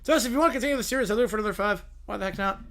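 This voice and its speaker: A man hosting a livestream in a relaxed, chatty way, chuckling as he hurries through viewer requests. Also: high-pitched, very fast. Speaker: livestream host. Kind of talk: casual livestream chat.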